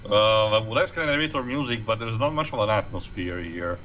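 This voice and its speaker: A man's voice: medium pitch, lively intonation, fast talker, a crowd in the background. A man hosting a let's play, rambling through gameplay commentary with many fillers.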